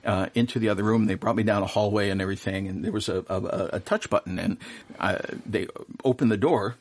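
A man's voice: on the low side, a little fast, husky. A middle-aged man who works as Santa, telling earnest stories in a casual radio interview, with plenty of fillers and restarts. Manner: warm, earnest storyteller with many fillers and restarts. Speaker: professional Santa performer, radio guest.

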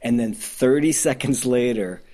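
In a relaxed interview, a documentary maker from Detroit talks in a warm, unhurried, medium-pitched voice with a Midwestern American accent. He rambles with enthusiasm and restarts many times.

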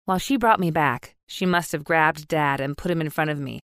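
A woman's voice: low-pitched, fairly quick, fairly bright tone, smooth. A woman narrating an audiobook in the first person with emotive, intense storytelling, recorded on a close studio mic. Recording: dry, no room echo.

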